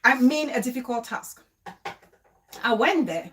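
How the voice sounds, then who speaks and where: Her pitch a little high and her tone fairly bright, a woman vlogger casually narrates a story to the camera. She is expressive, emotional and pleading, talking in quick bursts with repeated questions, and there's a slight hiss or hum in the audio.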